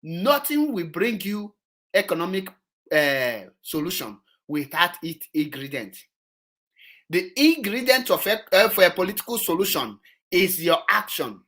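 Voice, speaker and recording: A man's voice: sits high, sing-song, measured pace, sharp tone. A man with a Nigerian Igbo accent giving an impassioned political monologue, scolding his listeners and switching between English and Igbo. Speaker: political commentator.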